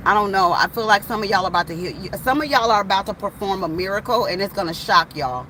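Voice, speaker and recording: A woman tarot reader chatting casually to her viewers outdoors, animated and swearing freely as she tells stories. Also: medium pitch, fast talker, a little hiss or hum, low-quality recording. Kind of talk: casual storytelling vlog.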